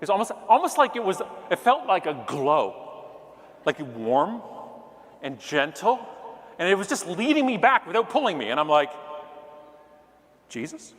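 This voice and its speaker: A middle-aged man from Canada giving a comedic keynote, telling a story animatedly, acting out yelling voices, with jokey asides. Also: high-pitched, very animated, moderate pace. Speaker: keynote speaker. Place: large conference hall stage. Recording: long hall reverb, faint room noise.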